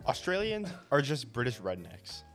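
A young man with an ordinary mid-range voice drops blunt opinions in a relaxed, offhand way, then backs down easily. Quiet music runs in the background. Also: medium pitch, moderate pace. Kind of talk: casual chat.

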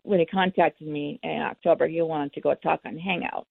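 Woman, low gravelly voice, candid storyteller, tinny dry phone line. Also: fairly even intonation, normal speed, dry recording. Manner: candid, acts out the dialogue. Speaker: interviewee. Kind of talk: personal storytelling.

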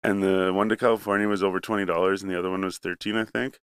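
A man's voice: deep voice, fairly even intonation, rapid-fire, clean tone, dry recording, clean studio sound. A young man from Canada in casual chat, telling a rambling, profane story with acted-out asides.

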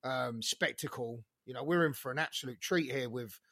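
A man's voice: mid-range voice, normal speed, gravelly, bright, forceful tone, no room sound, studio quality. A British man co-hosting a boxing chat, laughing easily and swearing, with tags like "innit". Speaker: boxing podcast co-host. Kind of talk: casual chat.

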